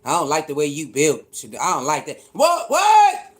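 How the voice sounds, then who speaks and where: A man ranting in a casual, mocking and incredulous way, repeating himself, laughing, and jumping from shouts down to mutters. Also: on the high side, steady tone, a little fast. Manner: mocking, incredulous, swings between shouting and mumbling. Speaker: commentator reacting to online critics. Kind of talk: animated casual rant.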